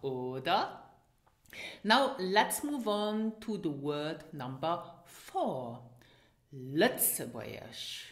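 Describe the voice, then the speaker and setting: A woman with a Luxembourgish accent gives a pronunciation lesson at a very slow, careful pace. Her pitch moves in a lively way as she repeats each word for the listener to copy. The room around her has a noticeable echo. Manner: patient, drills words for repetition. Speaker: language teacher. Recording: roomy echo.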